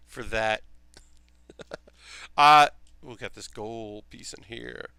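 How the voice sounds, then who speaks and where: A man's voice: lowish voice, slow, pauses often, pushed and bright, clear, resonant tone, dry recording. Chatty young man rambling while building. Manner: rambling, enthusiastic, swears freely, many fillers. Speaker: streamer building models. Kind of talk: casual live-stream chat while building.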